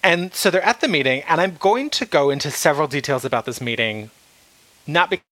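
This is a man with a bright, forceful voice and a fairly high pitch, chatting casually about a book he has read. He retells the plot with lively swings in his pitch, laughing often and swearing now and then. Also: fairly quick, no room sound, rough recording. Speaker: podcast host.

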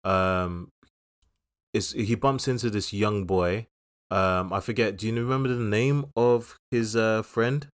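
A man's voice: on the low side, steady tone, a little slow. A man co-hosting a casual podcast, chatting about films in a rambling, jokey way with many restarts. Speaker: podcast co-host. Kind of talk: casual podcast film chat.

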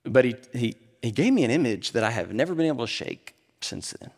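A middle-aged man preaching a sermon, swinging between animated emphasis and hushed, quiet moments. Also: medium pitch, brisk. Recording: long hall reverb.

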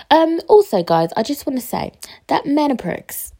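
A woman's voice: high voice, very animated, moderate pace, warm tone. A woman, hosting a casual solo podcast while she is sick and upset. She rambles, with lots of fillers and some swearing. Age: 20s. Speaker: podcast host.

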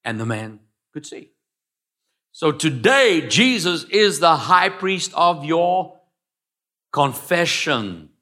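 Delivering a sermon, this male pastor alternates booming calls with hushed asides and leads his congregation in repeating phrases back. His voice sits on the high side, very animated yet slow, with frequent pauses.

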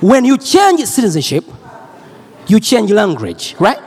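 A male preacher from Uganda giving a loud, energetic sermon, repeating phrases and drawing call and response from the congregation. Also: sits high, measured pace.

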